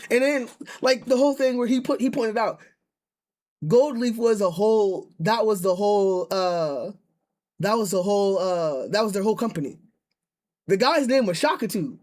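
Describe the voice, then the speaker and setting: A man with a high voice rants through a casual live stream. He rambles, restarts his sentences and keeps circling back to the same point. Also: moderate pace, darkish tone. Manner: ranting, rambling with many restarts. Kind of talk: casual chat.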